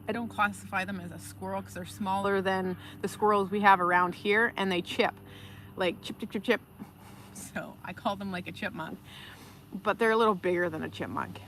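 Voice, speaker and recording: A woman hosting a live stream, telling stories in a casual, animated way and reading out viewer comments. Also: medium pitch, normal speed, a little hiss or hum. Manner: animated, chatty, reads viewer comments aloud. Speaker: livestream host.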